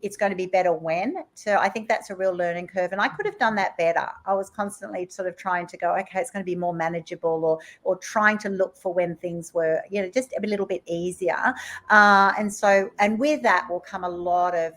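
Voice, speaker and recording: A middle-aged woman, a guest in a casual interview, telling animated stories and acting out quotes. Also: medium pitch, normal speed. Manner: animated storytelling with acted-out quotes.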